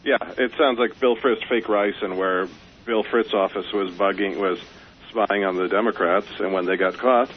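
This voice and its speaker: A man phones in to a talk radio show, speaking quietly and quickly through his points in a lowish voice. The line is muffled, with a faint hiss underneath. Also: steady tone. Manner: quiet, rapid-fire points. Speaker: caller. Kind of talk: phone-in call.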